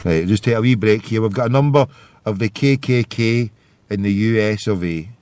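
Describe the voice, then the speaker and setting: A man's voice: lowish voice, moderate pace, a little mellow, slight background noise. A Scottish man hosting a live internet radio call-in show, ranting and hurling insults in a rambling way.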